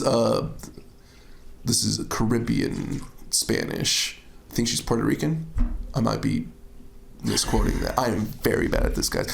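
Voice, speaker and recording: A man hosting a podcast, telling stories in a casual, animated way and laughing often. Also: mid-range voice, vocal fry, roomy sound, slight background noise. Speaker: podcast host. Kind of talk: casual chat.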